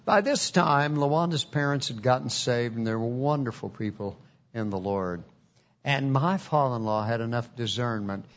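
A man's voice: medium pitch, moderate pace. A man preaching a testimony in an earnest, folksy storytelling way, on a dull lo-fi recording.

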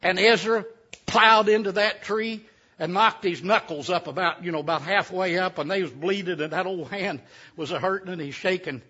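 Bright, husky storyteller man. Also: sits high, moderate pace. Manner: folksy, chatty asides to listeners. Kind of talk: folksy storytelling to a live audience. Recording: dull lo-fi recording.

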